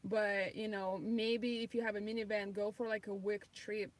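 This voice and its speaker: A woman's voice: medium pitch, flat delivery, normal speed. A woman in her thirties, not a native English speaker, casually reading and answering viewer comments on a livestream with lots of ums. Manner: reads viewer comments aloud, many ums. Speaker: livestream host.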